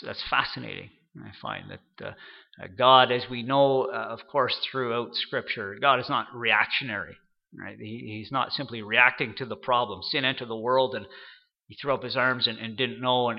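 A man giving an unscripted sermon, halting often and repeating words as he goes. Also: mid-range voice, vocal fry, dull audio. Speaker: preacher.

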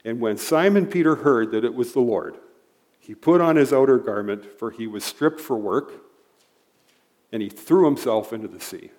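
A man's voice: medium pitch, lively intonation, moderate pace, a little mellow. A man preaching a sermon in a conversational way, retelling Bible stories with frequent asides to the listeners. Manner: conversational, frequent "right?" and "you know" asides.

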